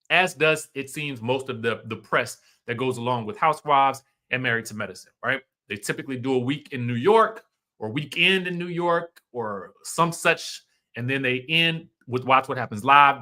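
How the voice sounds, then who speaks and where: A man hosting a casual live stream, greeting viewers and giving emphatic commentary. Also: on the high side. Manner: animated, emphatic, repeats phrases for effect. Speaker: host.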